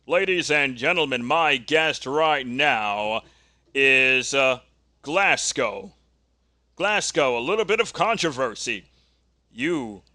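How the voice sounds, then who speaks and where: A man voicing a male backstage wrestling interviewer who asks questions in a halting announcer style. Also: mid-range voice, pushed and bright, dry recording, voice pushed down.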